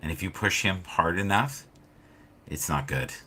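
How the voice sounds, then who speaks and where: A man hosting a casual spiritual chat stream, telling stories and acting out quoted people with big swings in loudness. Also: low voice, measured pace, slightly rough. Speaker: livestream host.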